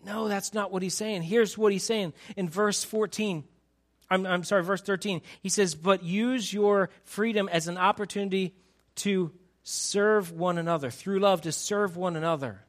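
A man preaching a sermon to his congregation, animated and emphatic, teasing the crowd and acting out quotes. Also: sits high, moderate pace. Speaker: pastor.

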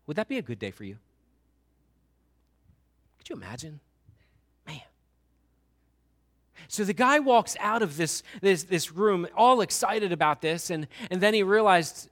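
A male pastor preaching a sermon in a chatty, animated way, with loud bursts and sudden quiet asides. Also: sits high, moderate pace. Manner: animated, conversational, swings between loud bursts and near-whispers.

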